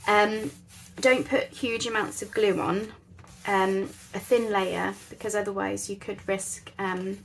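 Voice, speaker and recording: A woman's voice: medium pitch, fairly even intonation, a little slow, gravelly, few pauses. A woman hosting a casual craft tutorial, chatting in a rambling, self-deprecating way at her craft table at home. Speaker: crafting channel host.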